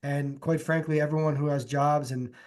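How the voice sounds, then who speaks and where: A young man co-hosting a podcast, chatting casually about movies and music in a relaxed, rambling way with plenty of fillers. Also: fairly high pitch, moderate pace. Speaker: podcast co-host. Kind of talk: casual chat.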